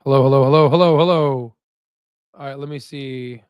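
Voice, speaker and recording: A man's voice: medium pitch, steady tone, brisk, clear, resonant tone, no room sound, lo-fi sound. A man hosting his own stock investing channel in a casual, chatty way, often repeating himself and laughing easily into a new desk microphone. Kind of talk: casual livestream chat.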